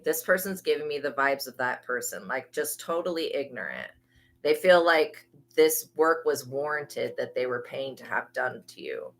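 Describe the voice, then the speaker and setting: A blunt, gossipy young woman giving a tarot reading in a casual monologue and swearing freely. Her voice sits low for a woman yet sounds bright and forceful. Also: low-quality recording. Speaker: psychic tarot reader.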